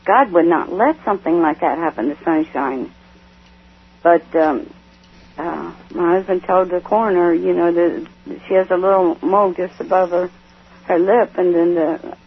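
A middle-aged woman giving a tearful personal testimony, speaking haltingly with many restarts and repeated words. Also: on the low side, slightly rough. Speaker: guest. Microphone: telephone. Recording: tinny phone line.

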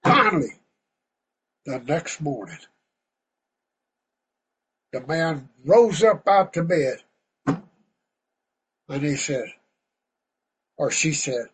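A man preaching a fervent, folksy sermon to an online group over a video call, breaking into shouts of praise. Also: fairly high pitch, animated, very slow, pauses often, slightly rough, poor audio.

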